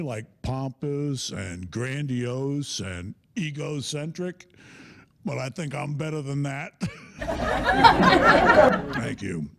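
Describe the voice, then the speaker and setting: A middle-aged man performing a stand-up comedy set, telling stories in an animated way and laughing at his own jokes. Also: medium pitch, vocal fry.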